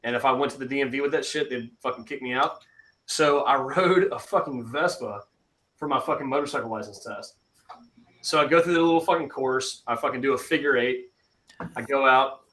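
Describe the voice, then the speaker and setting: A man's voice: mid-range voice, a little fast. A man hosting a live stream from a garage, telling a long casual story and swearing constantly. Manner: swears constantly, animated anecdotes. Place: home garage.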